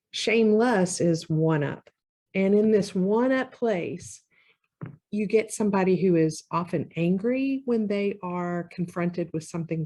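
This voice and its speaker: Woman therapist talking thru relationship stuff, easy casual way, slightly low voice. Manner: conversational, acts out quoted partners with lively shifts. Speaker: marriage therapist. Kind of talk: educational talk to camera.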